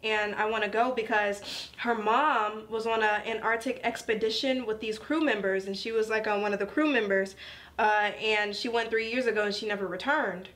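A woman casually reviewing an anime, slangy and animated, with laughing asides. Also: medium pitch, normal speed.

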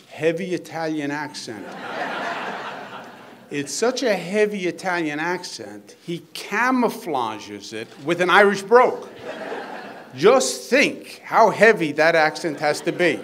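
A man's voice: a little high, fairly bright tone. A man speaking as a governor at a hospital event, talking off the cuff with teasing jokes and earnest praise. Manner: joking, teasing asides mixed with earnest praise. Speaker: state governor giving a speech. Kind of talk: off-the-cuff public speech.

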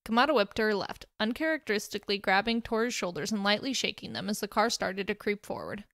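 A woman narrating a fan fiction story aloud in a steady storytelling way. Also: mid-range voice, quick pace, hardly any pauses, no echo, studio quality.

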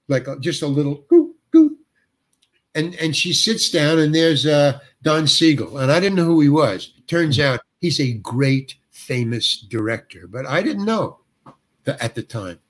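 An older male actor, a guest, telling a long anecdote and acting out the other people's dialogue with lively shifts of voice. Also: a little high. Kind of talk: storytelling anecdote.

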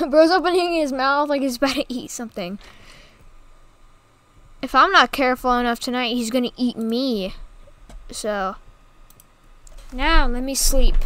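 Giggly woman gamer, high and unhurried, teasing chatter. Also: fairly bright tone, no echo. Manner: giggly and teasing, full of exclamations. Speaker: gaming YouTuber. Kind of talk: casual gameplay commentary.

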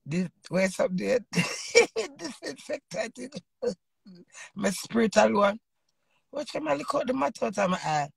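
A woman's voice: medium pitch, sing-song, normal speed, gravelly, slightly rough, no room sound. A middle-aged woman from Jamaica with a Jamaican accent, ranting boisterously to her viewers in patois and laughing often. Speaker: vlogger. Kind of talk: casual rambling rant to viewers.

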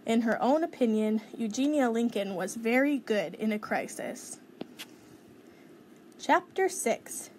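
Woman, storybook reader, bright higher voice, faint background hiss. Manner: clear, measured storytelling. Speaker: children's book reader. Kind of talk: reading a picture book aloud.

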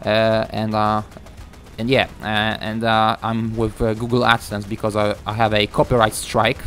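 A young man giving a ranting gameplay commentary, frustrated and swearing, halting with many fillers. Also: on the low side, monotone, fairly bright tone, slight background noise. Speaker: gaming YouTuber.

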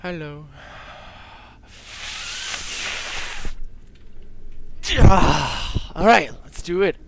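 A man's voice: on the high side, measured pace, very noisy. A man hosting a horror game let's play, talking jittery to the game and to his viewers.

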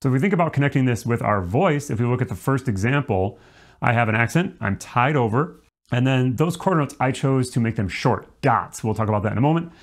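Male music teacher, mid-range voice, clear step-by-step explanation. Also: mid-range voice, animated, fairly quick. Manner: demonstrates articulation by singing syllables. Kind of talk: instructional explanation.

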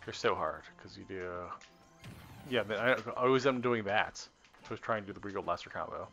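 Practicing combos on a live stream, a man talks to himself as he tests, rambling, trailing off, and correcting himself. His lowish voice is brisk, bright, and forceful. Faint game music plays under the dull, lo-fi stream audio.

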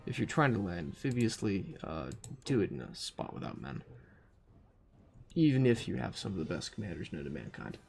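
A man's voice: sits low, big pitch swings, moderate pace, vocal fry, a little mellow, soft background music. A man giving casual, profane commentary while playing a strategy game, thinking aloud with dry asides. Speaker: gaming commentator. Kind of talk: casual let's-play commentary.

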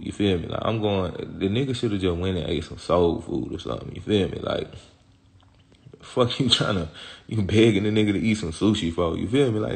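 A man's voice: deep voice, vocal fry. A man talking as an interview guest in casual street talk, rambling and slang-heavy, swearing often and asking "you feel me" again and again.

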